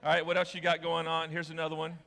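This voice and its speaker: Bright-voiced pastor in a reverberant church hall. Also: male voice, on the high side, completely flat delivery, fast. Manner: playful and joking with volunteers, then candid and confessional. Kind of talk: sermon with audience games. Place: church auditorium. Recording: long reverb of a large hall.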